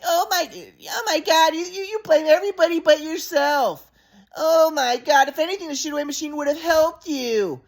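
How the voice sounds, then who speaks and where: A man imitating his exasperated, mocking middle-aged mother in a shrill, dismissive voice. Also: normal speed, vocal fry.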